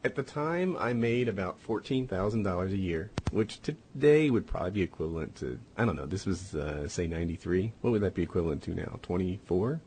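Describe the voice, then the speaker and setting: A man's voice: sits low, animated, fairly quick, few pauses, a little mellow, a little hiss or hum. A man co-hosting a podcast, telling a long casual story with a rambling manner and many "and, uh" fillers. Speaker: podcast co-host.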